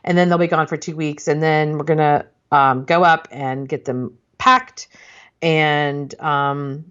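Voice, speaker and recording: Chatty woman, low and muffled. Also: fairly even intonation, a little slow, fairly bright tone, clean tone. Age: middle-aged. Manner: chatty storyteller, rambling with laughs and restarts. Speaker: podcast co-host. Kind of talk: casual chat.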